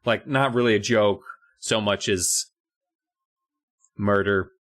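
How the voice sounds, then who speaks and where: A man's voice: lowish voice, takes it slowly, a bit bright. A man co-hosting a podcast in casual chat, recapping a book in a sarcastic, profane, rambling way. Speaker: podcast co-host.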